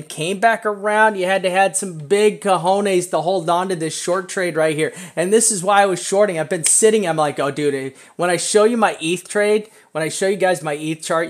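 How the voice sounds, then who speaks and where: A middle-aged man with a slightly high voice hosts a live stream and talks viewers through trading charts. He rambles, gets excited and laughs often. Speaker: crypto chart analyst host.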